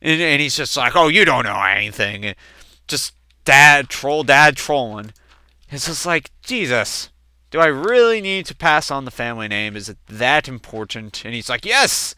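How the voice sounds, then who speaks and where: A man of twenty doing casual let's-play gameplay commentary, chatting and telling family stories in which he acts out quoted relatives with sudden jumps in pitch. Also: animated, moderate pace, bright, forceful tone, smooth, no echo. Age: 20s.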